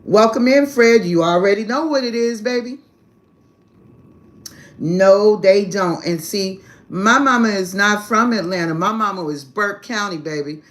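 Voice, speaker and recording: A woman's voice: mid-range voice, a little slow. Brash, profane woman telling a story. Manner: brash and profane, calls listeners "baby"; laughs heartily through the story. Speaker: spiritual reader hosting a live stream. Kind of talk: casual storytelling to a live chat.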